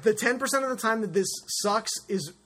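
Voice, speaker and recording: High, bright-voiced man swearing casually. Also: a little fast. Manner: profane, animated storytelling. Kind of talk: casual chat about video games.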